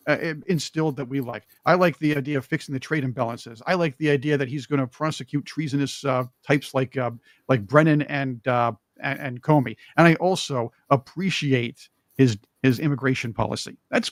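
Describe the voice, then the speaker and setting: A man hosting a political talk show, opinionated and joking, with emphatic, animated delivery. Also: medium pitch, fairly quick, few pauses, dry recording, clean studio sound.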